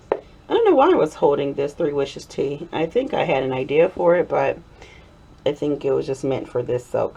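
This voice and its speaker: A middle-aged woman with a deep, husky voice makes soap on video in her home workshop, chatting casually as she works. She giggles her way through rambling asides and, when excited, drifts into a playful Southern drawl.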